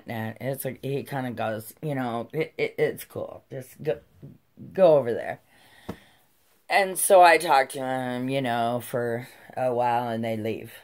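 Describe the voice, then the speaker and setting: Very low-voiced woman telling a story. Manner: blunt, swears freely, laughs while telling. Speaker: vlogger. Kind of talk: casual storytelling.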